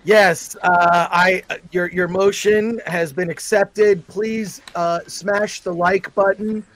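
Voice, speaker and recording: Over a video call, a man with a distinctly high, fairly bright voice plays a mock judge presiding over a livestream. He speaks slowly and in a steady tone, with formal courtroom gravity frequently interrupted by filler words.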